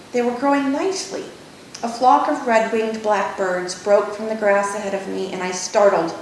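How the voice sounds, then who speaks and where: Woman reading her novel in an echoey room. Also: distant mic. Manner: measured first-person narration. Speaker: author. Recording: echoey room, faint rumble.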